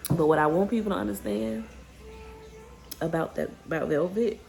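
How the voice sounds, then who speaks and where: A woman's voice: on the low side, moderate pace, creaky, a little mellow, soft background music. A woman vlogging in a rambling, casual way, stopping and restarting her sentences and getting heated when she rants. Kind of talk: casual vlog chat. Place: outdoors then home.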